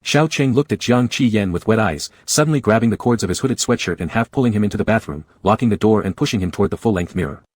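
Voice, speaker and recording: A man narrates a scripted comic love story in an even, measured way. His voice is low and husky. The recording is dry and close, with no room sound. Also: no echo.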